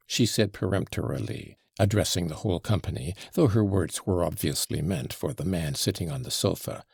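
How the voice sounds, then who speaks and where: A man narrating a classic novel as an audiobook in an expressive, dramatic reading. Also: sits low, normal speed, gravelly, hardly any pauses, husky, no echo, clean studio sound.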